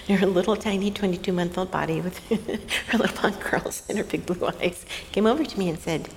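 A middle-aged woman co-hosting a faith-based talk, telling a parenting story in a lively way, laughing often and dropping to a soft voice when she quotes someone. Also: on the low side, normal speed. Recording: reverberant room with faint hiss.

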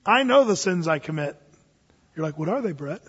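High-voiced preaching pastor in a hall. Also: male voice, very animated, moderate pace, slightly rough. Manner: conversational preaching, voices quoted people. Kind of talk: sermon. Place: church sanctuary. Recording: dull, echoey church hall.

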